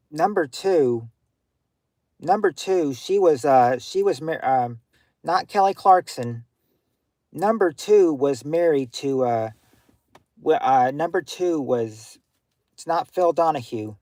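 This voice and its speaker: A man hosting a casual livestream game night, giving clues to players in a halting way, full of ums and restarts. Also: on the high side, animated, a little mellow, no room sound. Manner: halting, hunts for words with many fillers; gives clues to players, talks to chat.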